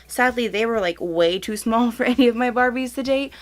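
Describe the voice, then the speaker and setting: A woman's voice: fairly high pitch, fairly quick. A young woman hosting a casual countdown vlog, gushing and giggly, filling her talk with "like" and "oh my God". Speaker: YouTuber.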